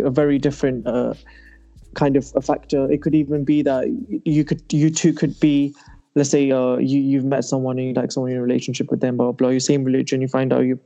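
A man's voice: medium pitch, vocal fry, dark tone, highs cut off. A young man hosting a podcast, casually telling a personal story with lots of animation and laughter. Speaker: podcast host. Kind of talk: casual chat.

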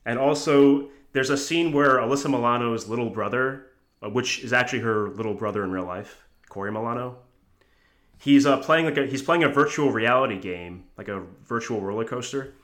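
A man's voice: medium pitch, a little fast, fairly bright tone. A man co-hosting a casual movie review podcast, pointing out small production details and trivia. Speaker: podcast co-host. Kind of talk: casual film review chat.

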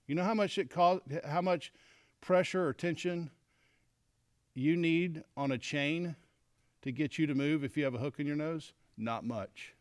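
Middle-aged guy teaching men from the bible, lively, acts out the quotes, dry close sound. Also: on the high side, dry recording. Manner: animated, acts out quoted lines. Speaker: men's leadership teacher.

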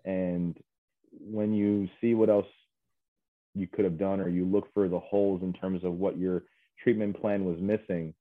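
Deep-voiced man on a tinny line. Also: level tone, dry recording. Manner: earnest, halting, many fillers. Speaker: guest, mental health specialist. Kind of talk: casual interview chat. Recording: dry, tinny phone-like line.

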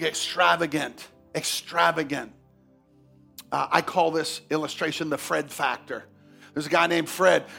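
A male pastor preaching a sermon, telling a story with animated swings from hushed asides to shouts. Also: on the high side, vocal fry.

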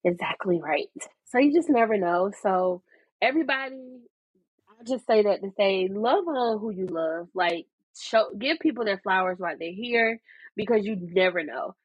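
A woman with a husky, slightly breathy voice, chatting candidly on a podcast. The sound is dry and close, with a slightly muffled, lo-fi quality. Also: mid-range voice, expressive, moderate pace, dry recording. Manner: candid, heartfelt storytelling with filler words. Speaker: podcast co-host. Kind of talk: casual podcast chat.

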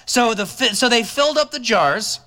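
A man's voice: very high voice, expressive, moderate pace, bright, forceful tone. A man preaching a sermon as a pastor, talking conversationally and dropping joking asides to the congregation.

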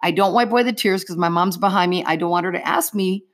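A woman's voice: on the low side, quick pace. A middle-aged woman giving an earnest personal faith testimony as an interview guest, telling her story vividly in the present tense.

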